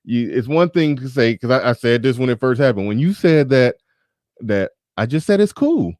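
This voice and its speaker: A man's voice: mid-range voice, lively intonation, moderate pace, a little mellow, no room sound. A man hosting a casual livestream chat, rambling and often restarting his sentences, into a studio mic with a pop filter. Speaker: host.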